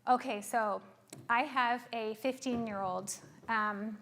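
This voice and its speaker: A woman's voice: fairly high pitch, steady tone, slow pace, fairly bright tone, slight background noise. A middle-aged woman therapist, explaining to an audience in an earnest way and often checking in with questions.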